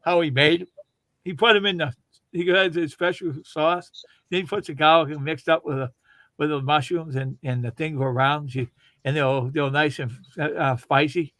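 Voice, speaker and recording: A man's voice: on the high side, fairly even intonation, moderate pace, fairly bright tone, dry recording. A man casually telling long, rambling funny stories on a livestream and laughing as he goes. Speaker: livestream host. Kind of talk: casual storytelling chat.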